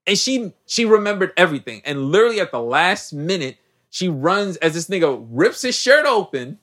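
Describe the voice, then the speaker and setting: A man hosting a podcast, recapping a movie in a casual, animated, slangy way. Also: high-pitched, normal speed. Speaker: podcast host.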